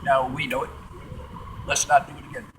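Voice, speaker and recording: A man doing a put-on Texas accent to voice an older, unflappable male test pilot who talks in a slow, easygoing way. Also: medium pitch, monotone, far from the mic, noisy background, voice pushed down, natural voice. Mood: dry, amused. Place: large museum hangar.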